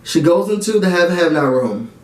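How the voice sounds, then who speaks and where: Animated high-voiced man recapping a show. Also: moderate pace, echoey room. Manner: animated, dramatic and slangy, talks to viewers directly. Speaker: reality TV YouTube reviewer. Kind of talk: casual episode recap and review.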